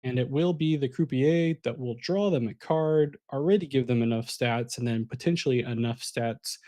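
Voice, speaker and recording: A man's voice: medium pitch, normal speed, mellow. A man casting a live online card game tournament, talking casually and chatting with his viewers as he walks through the plays. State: sleepy, yawning. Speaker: caster.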